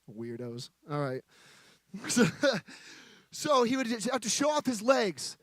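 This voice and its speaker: Guy preaching on stage, jokey and chatty with the crowd, pretty high voice. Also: huge pitch swings, unhurried, fairly bright tone, no room sound. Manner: playful, joking, chatty. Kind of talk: sermon with audience interaction. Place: stage before a live audience.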